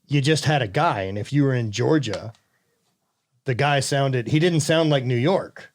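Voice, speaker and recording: A man's voice: medium pitch, moderate pace, no echo, clean studio sound. A man hosting a podcast, chatting casually and telling rambling stories full of swearing. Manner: swears freely, rambling storyteller. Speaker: podcast host. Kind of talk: casual chat.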